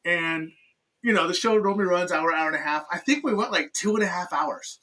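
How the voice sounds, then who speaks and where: Man, talk show host, high voice, bright tone, animated storyteller, slightly distant from the mic. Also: fairly quick, a little hiss or hum. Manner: animated storyteller, acts out quoted dialogue, laughs often. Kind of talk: casual interview chat.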